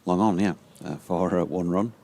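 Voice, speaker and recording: A man's voice: low voice, moderate pace, creaky, mellow. A man giving easygoing ball-by-ball cricket commentary, correcting himself as he goes.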